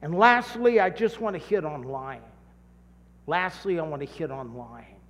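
A man preaching a sermon, telling stories with dramatic shouts and drawn-out emphasis. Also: on the high side, lively intonation, big-room sound. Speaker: pastor.

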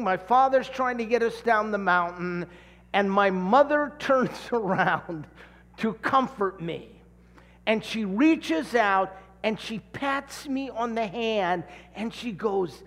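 High-voiced pastor in a reverberant hall. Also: male voice, takes it slowly. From California. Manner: animated storyteller, acting out voices. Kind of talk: sermon with personal story.

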